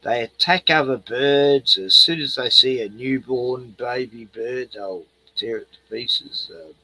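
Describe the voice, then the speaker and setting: A man's voice: medium pitch, measured pace, pushed and bright, no echo, low-quality recording. A man in a rambling casual chat, swearing freely, laughing and trailing off mid-sentence. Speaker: host reacting to a video.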